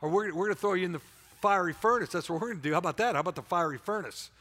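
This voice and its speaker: A man voicing an arrogant, short-tempered ancient king who taunts and bursts into loud shouts. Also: sits high, very fast, big-room sound, pitched above the performer's own voice. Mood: taunting. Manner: taunting, swaggering, loud outbursts.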